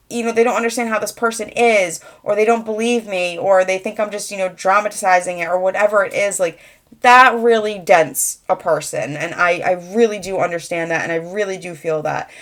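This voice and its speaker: A woman's voice: mid-range voice, normal speed. Rambling woman giving a tarot reading. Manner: rambling, conversational, frequent fillers. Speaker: tarot reader.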